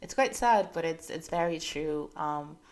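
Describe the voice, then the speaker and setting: A young woman hosts her own podcast in a loose, rambling way. She leans on filler words and keeps correcting herself. Her voice sits low, with a gravelly edge. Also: lively intonation, a little slow. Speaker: podcast host. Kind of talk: casual solo podcast chat.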